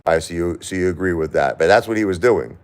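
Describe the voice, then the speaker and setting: Man, very deep low voice, middle-aged, grieving, halting, repeats words, live-stream talk. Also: smooth. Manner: halting, repeats words, grief-stricken and pleading. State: crying. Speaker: live streamer reading viewer chat.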